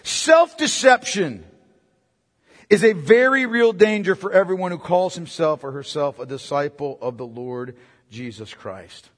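A man's voice: on the high side, animated, measured pace, in a large hall. A man preaching a sermon as pastor, emphatic, putting repeated questions to the congregation. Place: church hall.

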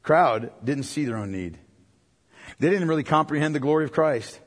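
A man preaches from the pulpit in a high, husky voice, his words ringing out with a long hall reverb. He rises to impassioned near-shouts and then drops to hushed, intimate tones. It sounds like a sermon in a large church sanctuary. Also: animated, moderate pace. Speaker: pastor.

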